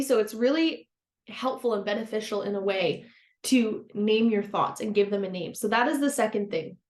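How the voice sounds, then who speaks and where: A woman hosting a self-help podcast, a former counselor talking in a gentle, encouraging way and laughing easily. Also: mid-range voice. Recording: roomy echo.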